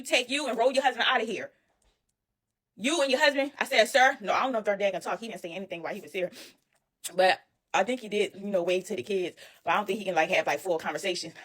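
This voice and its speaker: A woman telling a story about herself in a casual, animated, indignant way, speaking straight to her listeners. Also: fairly high pitch. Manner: animated, indignant, addresses listeners as y'all and honey. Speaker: storyteller recounting her own experience.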